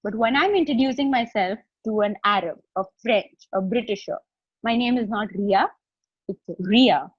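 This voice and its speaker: A woman with an Indian English accent coaches a group over a video call, talking in a chatty way and checking in with them often. Her voice is a little husky, and it sits close and dry with no room echo. The call audio is dull and lo-fi. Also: on the high side, normal speed. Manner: chatty, explains step by step, often checks in with the audience. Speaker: life coach. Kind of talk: live online coaching session.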